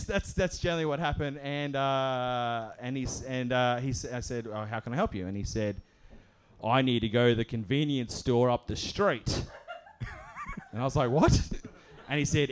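A man telling a comic story at a live show, animated and often laughing as he acts out other voices. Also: mid-range voice, moderate pace, slight background noise.

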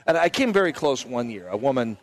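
A man's voice: mid-range voice, very animated, brisk. Chatty talk radio host man. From Minnesota. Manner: chatty storytelling with frequent restarts and asides. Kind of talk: live radio broadcast from a fair booth. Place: outdoor booth at a state fair. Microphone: broadcast mic with headphones.

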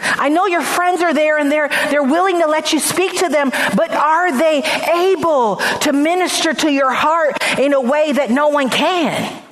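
A woman's voice: high voice, measured pace. A woman pastor giving an earnest radio sermon, stressing points through repeated phrases and often restarting her words. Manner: frequent restarts and stammered repeats.

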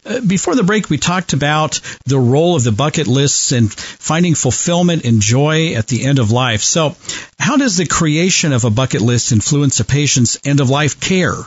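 A man's voice: fairly high pitch, expressive, normal speed, husky. A man hosting a talk show, asking friendly, rambling questions full of fillers. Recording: dry, dull lo-fi broadcast audio.

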